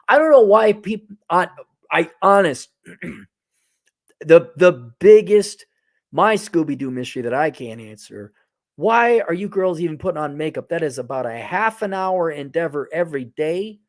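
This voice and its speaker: Blunt sarcastic man on a livestream. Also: moderate pace. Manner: blunt, sarcastic, swears freely; lively swings in pitch and loudness. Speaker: livestream host reading viewer donations. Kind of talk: casual livestream commentary.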